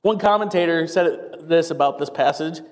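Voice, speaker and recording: A pastor with a notably high voice delivers an energetic sermon, tossing in wry asides. He sounds a little winded from talking fast. His voice rings out with the long reverb of a church sanctuary. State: getting out of breath.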